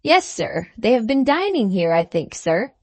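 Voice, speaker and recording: A meek under-gardener from an audiobook answers his master with great timidity, as a woman puts him on. The voice sits a little high and is soft and deferential. The sound is close and dry. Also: sing-song, normal speed, dry recording.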